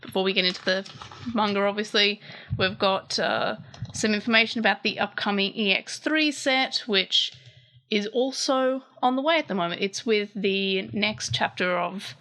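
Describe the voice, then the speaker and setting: A woman's voice: mid-range voice, normal speed, sharp tone. A young woman, chatting casually as a channel host while she translates a comic and thinks aloud.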